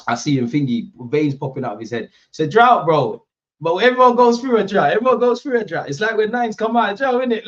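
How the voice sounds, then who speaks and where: A man's voice: a little high, lo-fi sound. A young man hosting a football watchalong, chatting casually and animatedly with slang to his live viewers. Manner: animated, slangy, banter with chat.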